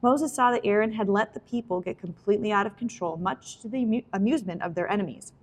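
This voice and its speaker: A woman reading scripture aloud at a steady pace, now and then correcting a slip. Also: medium pitch, quick pace. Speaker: scripture reader.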